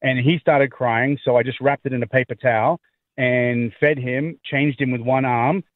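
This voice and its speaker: A man's voice: mid-range voice, fairly even intonation, normal speed, no echo. Rambling male caller on a phone line. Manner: rambling, repeats himself while telling a story. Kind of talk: phone-in story.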